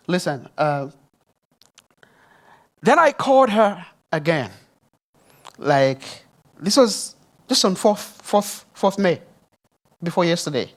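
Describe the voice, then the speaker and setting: A man's voice: slow, long pauses. Man preaching a testimony with swinging intensity. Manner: animated, emphatic preaching that rises loud and high, then drops soft and low; addresses the audience directly. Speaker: speaker sharing a testimony at a church service. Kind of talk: emotional church testimony.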